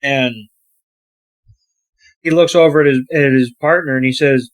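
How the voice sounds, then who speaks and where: A man's voice: medium pitch, steady tone. A man co-hosting a podcast, recapping a film casually and hesitantly, with plenty of fillers. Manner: unhurried, hesitant storytelling with fillers. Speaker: podcast co-host.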